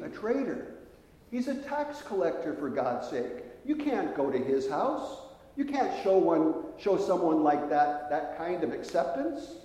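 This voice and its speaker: A preacher playing an outraged man in a crowd. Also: warm tone. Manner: outraged, high and strained. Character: indignant, scornful man in a hostile crowd. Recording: echoey hall with long reverb.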